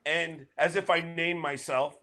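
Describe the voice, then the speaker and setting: A man guesting on a podcast, telling stories loudly in casual chat. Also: a little high, a little slow, over a noisy crowd. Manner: loud, animated storyteller.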